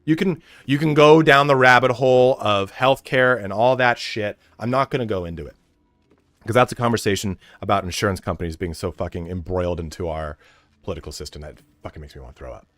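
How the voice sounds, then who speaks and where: A Californian streamer with an American accent rants casually on a livestream, rambling, swearing, and laughing often. His voice sits on the low side with a fairly bright tone, he talks fairly quickly, and the recording is dry.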